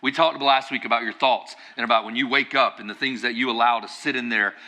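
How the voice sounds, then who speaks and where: A man's voice: mid-range voice, fairly even intonation, fast, sharp tone. A man preaching a conversational sermon as pastor, building to emphatic bursts.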